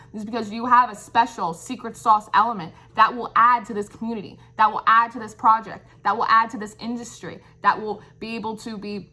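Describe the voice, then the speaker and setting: A woman's voice: fairly high pitch, sharp tone. A woman giving an intuitive tarot reading. She muses and searches for words, often checks in with "right?", and speaks in an encouraging, affirming way. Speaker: tarot reader.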